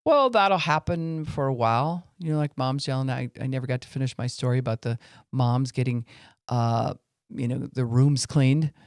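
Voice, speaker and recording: In a dry, studio-quality recording, a man with a mid-range voice speaking at normal speed teaches earnestly about faith on a Christian podcast. He makes his points by acting out angry and weary voices.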